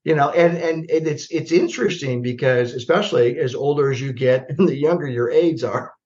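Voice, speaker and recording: A man's voice: on the high side, a little fast, dull audio. Older Midwestern man, plainspoken storyteller. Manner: plainspoken, animated storyteller who acts out remembered dialogue. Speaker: guest, retired army general. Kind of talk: conversational storytelling on a podcast.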